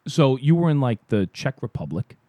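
A man with a husky, mellow voice that swings widely in pitch as he teases and needles with crude jokes. The sound is dry and close. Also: sing-song, moderate pace, no room sound. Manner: crude, teasing, probing questions. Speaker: podcast co-host. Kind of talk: casual comedic chat.

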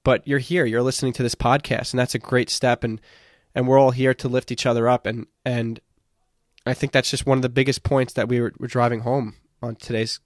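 Brief: encouraging male podcast host, mid-pitched, close and dry. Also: level tone, fairly quick, no room sound. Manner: earnest, encouraging, repeats words while thinking. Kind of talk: casual podcast conversation.

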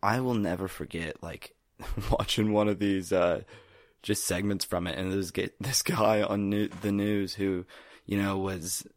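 A man's voice: low-pitched, little pitch movement, measured pace, few pauses, dry recording, studio quality. A young man co-hosting a podcast, rambling in a laid-back casual chat with lots of fillers. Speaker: podcast co-host.

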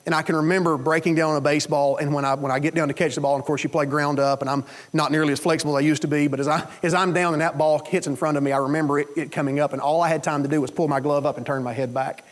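A man preaching a sermon, telling stories in an animated way and acting out the voices of the people in them. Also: fairly high pitch, very fast. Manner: animated storytelling with quoted voices. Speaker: pastor.

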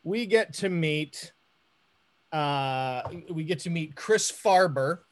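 A man's voice: a little high, expressive, slow pace. A man co-hosting a casual podcast, recapping a TV episode with many restarts and laughs. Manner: hesitant, full of restarts and laughs. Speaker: podcast co-host.

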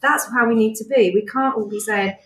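A woman from the United Kingdom in an animated, storytelling conversational discussion, speaking emphatically. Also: a little high, fairly quick. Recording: roomy, distant mic.

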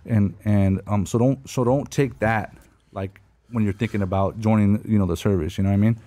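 A man's voice: fairly low pitch, steady tone, normal speed, warm tone, no echo. A man telling war stories in casual talk, swearing often, repeating himself and calling the listener bro and homie. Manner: profane, repeats words, says bro and homie. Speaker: podcast guest, Air Force veteran. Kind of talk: casual storytelling.

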